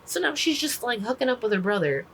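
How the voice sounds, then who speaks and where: A woman's voice: fairly high pitch, very animated, fast talker, a bit bright, slight background noise, low-quality recording. A woman casually recapping a book, rambling with lots of "like" fillers and the odd swear word. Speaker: book reviewer.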